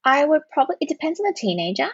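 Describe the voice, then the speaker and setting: A woman's voice: sits high, sing-song, racing, no echo, lo-fi sound. A woman counsellor answering podcast questions in a practical, explanatory way with example phrases. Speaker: parent-child counsellor, guest.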